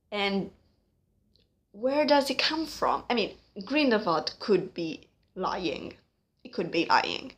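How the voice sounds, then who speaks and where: Slow, hesitant low-voiced woman. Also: creaky, a bit bright. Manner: hesitant, searching for words, many fillers; frustrated, critical. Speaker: vlogger. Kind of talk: casual opinion vlog.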